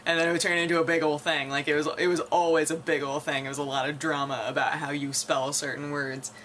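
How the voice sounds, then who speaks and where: A woman's voice: deep voice, flat delivery, quick pace, a bit bright, a little hiss or hum. A young woman from North America chatting casually to camera, rambling and musing, often laughing and trailing off. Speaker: vlogger.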